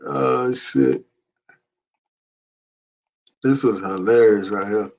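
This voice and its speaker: A man's voice: lowish voice, very slow, gravelly, a little mellow. A man hosting a casual call-in chat, laid-back and slangy, laughing often. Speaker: show host.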